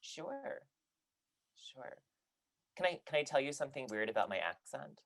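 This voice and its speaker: A man on a podcast panel, chatting loosely with fillers and then reading a poem aloud in a measured way. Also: medium pitch, big pitch swings, gravelly, fairly bright tone, no echo. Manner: chatty, many fillers and restarts in talk, measured when reading. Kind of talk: casual chat and poetry reading.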